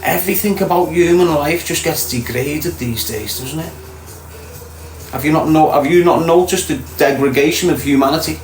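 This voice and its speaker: A middle-aged Liverpudlian man hosts a casual livestream, reading out viewer comments and talking bluntly with free swearing. His voice is a little high and moderately paced. The room is echoey, with faint ambience and faint music behind him.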